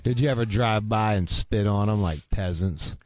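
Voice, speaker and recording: A man's voice: on the low side, moderate pace, a little mellow. A man hosting a radio show, talking in a crude, brash, rambling way. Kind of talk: casual uncensored radio chat. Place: radio studio.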